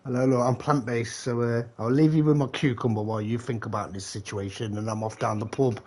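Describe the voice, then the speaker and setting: A man's voice: medium pitch, a little slow. A man, rambling in a casual chat as a game streamer, often laughing and swearing. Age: 40s.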